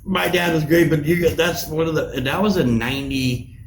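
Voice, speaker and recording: A man's voice: on the high side, a little fast. A man in his forties telling a rambling, profane story in casual chat, laughing along as he goes. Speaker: podcast co-host. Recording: roomy with faint noise.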